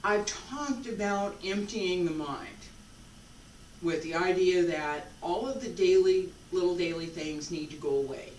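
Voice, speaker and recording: A qigong instructor leading a guided breathing lesson in a calm, unhurried way, repeating a short phrase between long pauses. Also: medium pitch, slight background noise. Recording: roomy echo, distant mic, faint ambience.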